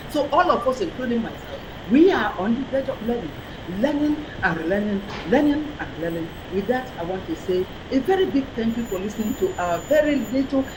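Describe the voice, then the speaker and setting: A woman's voice: a little high, noisy background. A woman speaking in a webinar over a video call, urging her audience fervently in a preacherly way and repeating phrases. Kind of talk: exhortation.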